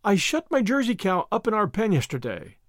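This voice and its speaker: A man's voice: high voice, big pitch swings, fairly quick, no room sound, clean studio sound, pitched above the performer's own voice. A man reading aloud and voicing an impulsive teenage girl who talks in earnest, gushing runs. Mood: earnest, apologetic. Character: eager talkative teenage girl, impulsive and apologetic.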